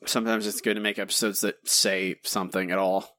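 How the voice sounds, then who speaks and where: A man co-hosting a casual podcast, animated and argumentative, often restarting his sentences. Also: low voice, brisk, no room sound. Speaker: podcast co-host.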